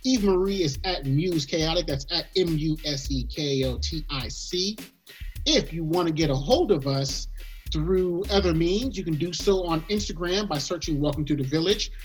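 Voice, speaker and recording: A young adult man hosting a podcast in casual chat, animated and joking, often repeating himself. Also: on the high side, normal speed, faint music behind. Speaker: podcast host.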